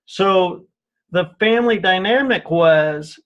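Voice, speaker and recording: High-voiced man telling earnest stories. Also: measured pace, muffled recording. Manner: earnest storytelling with repeated words and restarts. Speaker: interview guest. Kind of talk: radio interview, spiritual healing talk. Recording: radio show audio.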